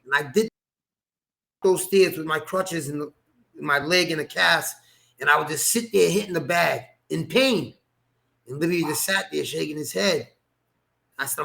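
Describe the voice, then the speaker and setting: A man telling a personal story as an interview guest, animated, acting out quoted dialogue and laughing often. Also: on the high side, moderate pace, vocal fry, long pauses. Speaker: guest, former boxer.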